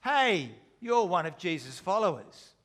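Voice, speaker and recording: A man's voice: sits high, very animated, measured pace, a bit bright, full character voice. A man voicing a blunt bystander who prods and accuses. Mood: accusing. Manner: blunt, prodding questions. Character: pushy male bystander accusing a stranger.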